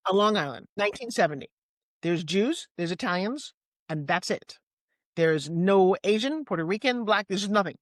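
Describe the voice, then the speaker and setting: A woman in her sixties with a New York accent, a guest telling personal stories in a lively, candid way with quick asides. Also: medium pitch, no echo, clean studio sound. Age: 60s. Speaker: interview guest. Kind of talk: personal storytelling in conversation.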